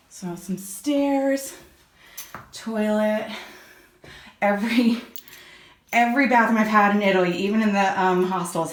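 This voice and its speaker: Chatty young woman vlogging, complaining. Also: mid-range voice. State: out of breath. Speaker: travel vlogger. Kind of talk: casual vlog chat. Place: small rented room in a villa.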